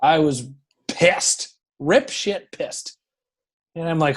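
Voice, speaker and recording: Male guest, thirties, a hockey goalie telling stories, higher pitch, swears a lot, acts out the shouting, lively. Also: slow pace, long pauses. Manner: profane, animated storyteller who acts out shouting. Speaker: professional hockey goaltender, podcast guest. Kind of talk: casual storytelling interview.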